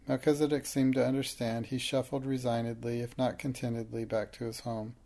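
Gravelly, even-toned male audiobook narrator. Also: medium pitch, a little fast, few pauses. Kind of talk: scripted narration.

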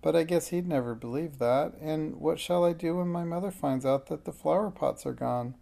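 A reader voicing a shy, anxious young girl in a storybook read aloud, with a gravelly, mellow voice. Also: mid-range voice, moderate pace, natural voice. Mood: worried. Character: shy worried young witch's daughter.

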